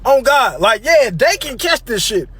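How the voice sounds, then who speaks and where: A man with a fairly high voice rants in a loose, animated way. He swears freely and circles back over the same points. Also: unhurried, husky, no room sound. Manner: animated, profane, repetitive. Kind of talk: casual rant to camera.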